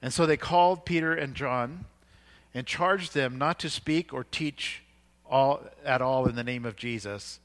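A man preaches in an easy, conversational way, at an ordinary middle pitch. He retells the scripture in plain everyday words, pausing on fillers and restarting his sentences as he goes. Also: fairly bright tone. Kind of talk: sermon.

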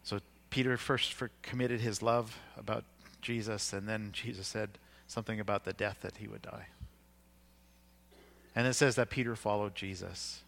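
A man's voice: lowish voice, steady tone, moderate pace, creaky, a bit bright. A man preaching a sermon, retelling scripture in everyday words with fillers and restarts.

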